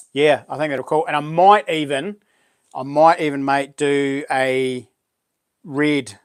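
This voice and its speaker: A New Zealand man hosting a casual live stream, chatting in a relaxed way, full of slang and reading out viewer comments. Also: on the high side. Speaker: livestream host.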